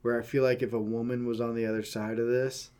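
A man's voice: mid-range voice, level tone, fast talker, a little mellow, clean tone. Male co-host, casual rambling talker, filler-heavy, teasing. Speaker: podcast co-host. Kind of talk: casual chat.

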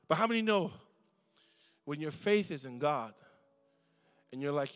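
A middle-aged man, a guest preacher at a youth service, speaks in a fairly bright, highish voice at a measured pace with long pauses. His sermon is conversational and asks the young crowd for responses, and the church hall gives it a long reverb.

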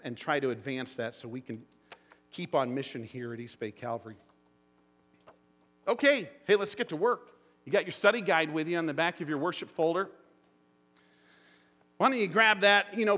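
Man pastor preaching in a reverberant church. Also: a little high. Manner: animated storytelling with voiced quotes. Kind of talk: sermon. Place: church sanctuary. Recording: long hall reverb.

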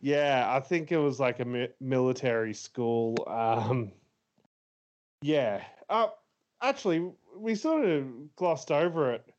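A man's voice: mid-range voice, expressive, slow pace, a little mellow, dull audio. A man co-hosting a casual podcast, retelling a movie's plot with lots of fillers and laughs. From Australia. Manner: rambling, laughs often, many fillers. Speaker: podcast co-host. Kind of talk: casual movie review chat.

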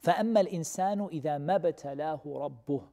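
A man teaching a Quran commentary class, who questions his students and repeats key terms slowly. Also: on the high side, gravelly, dark tone. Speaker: religious teacher. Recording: long reverb of a hall.

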